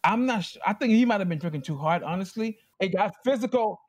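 A man giving courtroom testimony as plaintiff, telling his story in an animated way and acting out what others said. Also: high voice, fast talker, no room sound.

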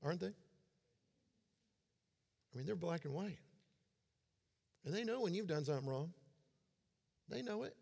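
Male pastor, forties, higher voice, conversational sermon, long echo of a big hall. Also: animated, normal speed, vocal fry, long pauses, darkish tone, breathy edge. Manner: conversational preaching with self-deprecating humor.

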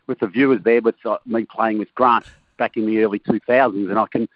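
A man's voice: lowish voice, fairly even intonation, fairly quick, dry recording, narrow, tinny audio. A man, a guest calling in by phone and telling jokey stories in a casual chat. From Australia. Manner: jokey storytelling. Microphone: phone line.

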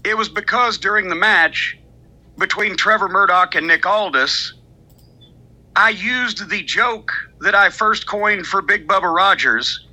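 A man's voice: sits high, unhurried, bright, forceful tone, low-quality recording. An older man, a podcast host, telling a long profane story in casual chat and mocking other people's lines in quoted voices.

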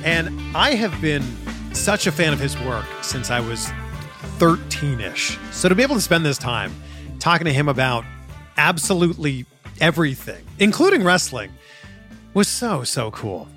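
A man hosting an interview, speaking with enthusiasm and warm thanks. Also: on the high side, big pitch swings, moderate pace. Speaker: interview host. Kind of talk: casual interview chat. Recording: music behind the voice.

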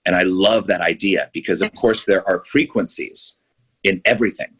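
A man's voice: low-pitched, moderate pace, a bit bright, slightly rough. A male filmmaker chatting enthusiastically in an interview, rambling with frequent restarts. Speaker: filmmaker guest. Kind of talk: casual podcast interview.

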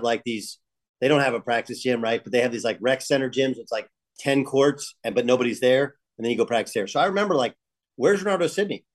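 A middle-aged man on a sports podcast, telling a long anecdote in a casual, rambling way with lots of fillers. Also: medium pitch. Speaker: podcast co-host and game broadcaster. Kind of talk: casual sports chat, storytelling.

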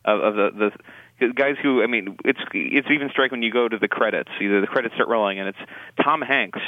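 A man co-hosting a casual film review chat, talking in halting, restarting sentences with wry asides. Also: mid-range voice, no room sound. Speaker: film critic co-host. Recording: tinny phone-like line, dry.

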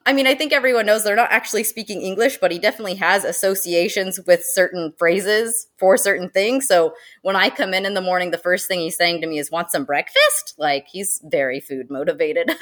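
A woman who manages zoo education, guesting on a podcast, talking in a lively way and laughing often. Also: medium pitch, normal speed. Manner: animated and chatty, laughs often, uses many fillers. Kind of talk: casual podcast interview.

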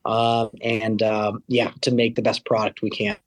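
A man's voice: on the low side, flat delivery, measured pace. A man, a college tennis coach, answering interview questions in a rambling way with many fillers and restarts. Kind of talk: casual interview.

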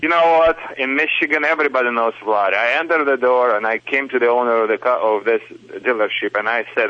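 A man's voice: medium pitch, fairly quick. A man with a Russian accent, a dog trainer calling in to a radio show, who jokes and laughs a lot. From Soviet Union. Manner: jokey and animated, laughs often. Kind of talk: phone-in radio banter. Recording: dull lo-fi phone line.

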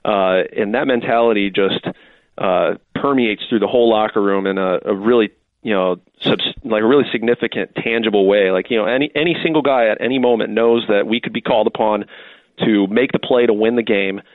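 A man's voice: on the low side, a little fast, no room sound. A man in his thirties from Texas, a football player answering interview questions in a rambling, casual way with many restarts and fillers. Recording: dry, phone-like line.

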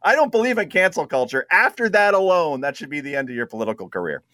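A man hosting a radio talk show, sarcastic and quick to laugh at his own jokes while he cues up clips. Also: fairly high pitch, very animated, pushed and bright, no echo, studio quality. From New Jersey.

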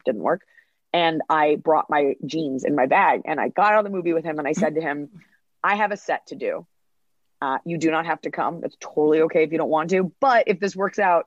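A woman's voice: low-pitched, no room sound. Woman comic in her 30s, podcast guest, chatty storyteller, acts out quotes, dry dull mic. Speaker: stand-up comedian, podcast guest. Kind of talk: casual interview talk.

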